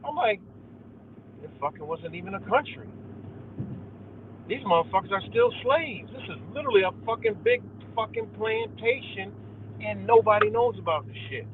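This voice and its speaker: Man, young, live stream host, profane, heated rant, slightly high voice, phone-quality sound. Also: very animated, normal speed. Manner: profane, heated, conspiratorial, addresses viewers as guys. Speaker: livestream host. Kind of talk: ranting live stream monologue. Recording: tinny phone-like audio with faint car noise.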